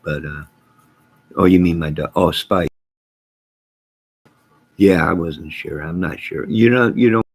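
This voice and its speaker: A middle-aged man with a very low, gravelly voice hosts a casual livestream and answers viewers. His tone is husky and rough at the edges. He rambles and jokes with a deadpan delivery, then breaks into sudden loud bursts. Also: unhurried, long pauses. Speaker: livestream host reading viewer comments.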